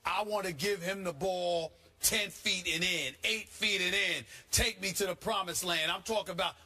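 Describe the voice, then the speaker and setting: Man, sports debate panelist, husky, forceful, animated, shouting rants. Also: high-pitched, normal speed. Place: TV studio.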